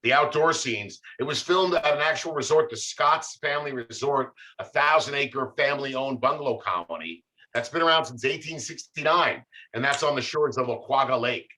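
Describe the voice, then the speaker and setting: A man presenting as a film historian, speaking in a relaxed, storytelling way full of fillers. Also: medium pitch, moderate pace, rough recording. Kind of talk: casual presentation.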